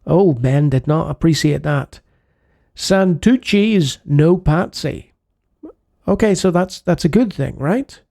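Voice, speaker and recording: A man's voice: a little high, expressive, slow, gravelly, mellow, no room sound. A man hosting a retro game channel, giving playful let's-play commentary with jokey asides.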